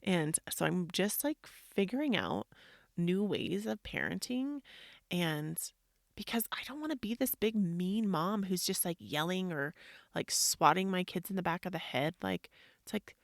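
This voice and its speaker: A woman's voice: on the low side, sing-song, unhurried, vocal fry, no echo, studio quality. A woman in her thirties, a mother talking through her parenting struggles, chatty and reflective, filling her talk with "like" and acting out what people said. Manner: chatty, frequent "like", acts out quotes. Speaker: podcast host. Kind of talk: personal reflective monologue.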